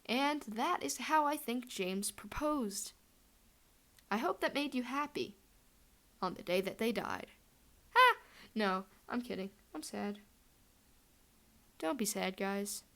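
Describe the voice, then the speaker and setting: A woman's voice: a little high, lively intonation, takes it slowly, pauses often, sharp tone. A young woman telling a fan headcanon story in a chatty, rambling way, full of fillers.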